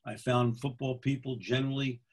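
Steady, brisk, husky and a little mellow, his mid-range voice carries a folksy instructional talk to other football officials. He's a middle-aged man from Pennsylvania, USA, who repeats his points and asks "okay?"

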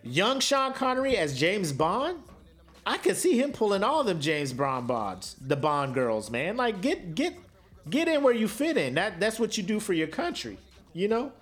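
A man's voice: high voice, big pitch swings, measured pace, fairly bright tone, faint music behind. A man co-hosting a podcast in casual chat, joking and slangy, laughing often. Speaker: podcast co-host.

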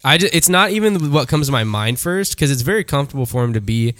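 A young man co-hosts a podcast and talks in a rambling, playful way, searching for his words. His voice sits at an ordinary male pitch and is recorded dry, with no room sound. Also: lively intonation, fast talker, a bit bright, no echo. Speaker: podcast co-host. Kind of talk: casual chat.

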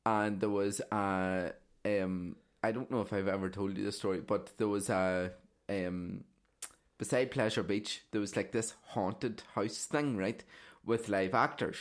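A man's voice: fairly low pitch, steady tone, unhurried. A man telling rambling stories on a casual podcast, swearing and tagging "right?" onto sentences. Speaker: podcast co-host. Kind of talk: casual storytelling chat.

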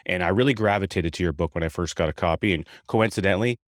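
Low-voiced guy hosting a podcast, easygoing and chatty, dry close mic. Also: quick pace, no echo. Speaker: podcast host. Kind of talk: conversational interview questions.

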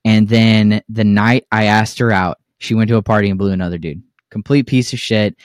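A young adult man co-hosting a casual podcast, telling profane stories and acting out the quotes with lively energy. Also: fairly low pitch, moderate pace, clear, resonant tone, dry recording, studio quality. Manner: profane, animated storytelling with acted-out quotes. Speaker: podcast co-host. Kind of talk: casual storytelling chat.

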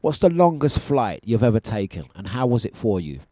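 A man's voice: fairly low pitch, brisk, no room sound, clean studio sound. Chatty man hosting breakfast radio. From United Kingdom. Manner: chatty, animated storytelling with laughs. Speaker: radio breakfast show host. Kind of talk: casual on-air chat. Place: radio studio.

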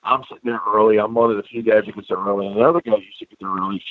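A man's voice: fairly low pitch, rapid-fire, no room sound. A man in his sixties, a retired wrestler, telling stories casually in an interview and saying "bro" and "man" a lot. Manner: animated storyteller, says bro and man a lot. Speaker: guest, retired pro wrestler. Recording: tinny phone-like line, dry.

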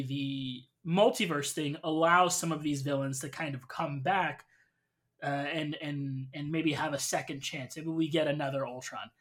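A man hosting a podcast, his voice bright and sharp in tone. He talks at length in a relaxed, conversational way, explaining his points and leaning on fillers. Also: a little high. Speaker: podcast host. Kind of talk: casual chat reviewing a show.

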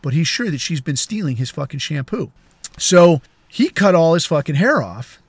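Chuckling through tangents and heavy swearing, a male podcast host spins a long, crude, rambling yarn at normal speed. His husky voice, a bit on the high side for a man, swings widely in pitch and is recorded dry and close on a podcast mic.

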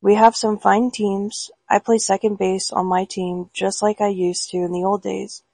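A woman voicing a dead man who plays baseball in heaven, in a husky, creaky storybook reading. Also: mid-range voice, flat delivery, moderate pace, darkish tone, no room sound. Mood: wry.

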